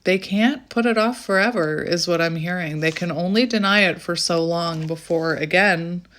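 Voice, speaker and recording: A woman giving a channelled tarot reading in a chatty way, often breaking into excited exclamations. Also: on the low side, normal speed, slight background noise. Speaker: tarot reader.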